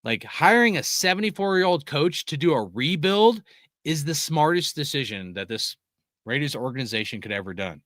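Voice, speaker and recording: A man's voice: on the high side, animated, normal speed, a bit bright, dry recording, studio quality. A young man hosting a live sports podcast, ranting heatedly and swearing constantly while he reads out chat messages. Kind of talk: profane casual sports rant.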